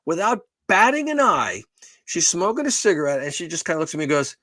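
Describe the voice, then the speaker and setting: Animated, bright-voiced man telling a story. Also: on the high side, fast talker, no echo. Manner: rambling, profane, self-deprecating. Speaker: podcast co-host. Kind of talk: casual storytelling.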